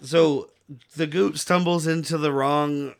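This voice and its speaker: Gravelly man recapping a movie. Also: a little high, fairly even intonation, takes it slowly, crowd noise. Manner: profane, recaps plot with acted-out quotes. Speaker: podcast co-host. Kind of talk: casual movie-recap banter.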